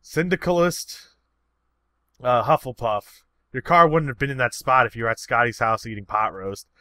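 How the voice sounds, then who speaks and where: A man's voice: mid-range voice, a little slow, pauses often, pushed and bright, no room sound. A man casually answering viewer questions, rambling and swearing freely in an easygoing, unpolished way. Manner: rambling and profane. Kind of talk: casual chat.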